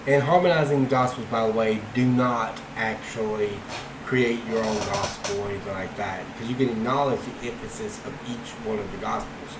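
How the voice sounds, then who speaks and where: Man in casual commentary, echoey and noisy. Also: medium pitch. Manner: halting, many fillers and restarts. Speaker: apologetics channel host.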